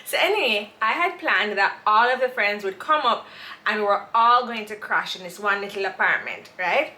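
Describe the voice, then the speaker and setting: A woman's voice: mid-range voice, expressive, moderate pace, sharp tone. A woman in a casual co-hosted chat, teasing and laughing often. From Jamaica. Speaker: co-host. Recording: echoey room.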